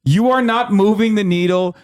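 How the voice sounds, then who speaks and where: Joking male livestream host, higher voice. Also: moderate pace, darkish tone, smooth. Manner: joking, laughs often, eager agreeing. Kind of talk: casual livestream chat.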